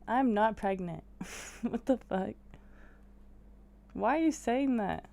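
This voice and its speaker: Gravelly young woman chatting casually. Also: fairly high pitch, lively intonation, slow pace, mellow. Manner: laid-back, laughs and swears easily. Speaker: podcast co-host. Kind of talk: casual chat with live chat.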